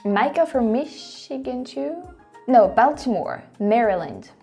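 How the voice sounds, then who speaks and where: French woman reacting, mellow voice. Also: a little high, a little slow, vocal fry, breathy edge, faint music behind. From France. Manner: animated, exclaiming and laughing often. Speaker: host. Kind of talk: casual reaction commentary.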